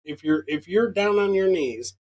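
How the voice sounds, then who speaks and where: A woman's voice: mid-range voice, expressive, normal speed, darkish tone, rough recording. A woman co-hosting a casual podcast, cracking blunt, crude jokes and interrupting with slang. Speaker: podcast co-host. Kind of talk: casual joking podcast banter.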